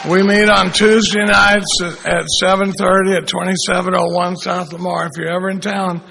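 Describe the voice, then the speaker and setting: A man's voice: sits high, level tone, normal speed, vocal fry, noisy background. A man in his sixties giving a folksy, rambling talk at a recovery convention, often restarting his sentences. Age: 60s. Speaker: recovery meeting speaker. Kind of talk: conference talk with storytelling. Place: convention room at a regional gathering.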